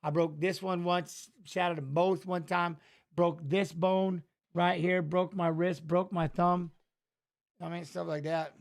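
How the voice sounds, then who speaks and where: A man's voice: sits high, flat delivery, unhurried, gravelly. A middle-aged man, a former fighter, telling loose, rambling stories with frequent restarts during a casual watch-along of a fight. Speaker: former fighter and guest commentator.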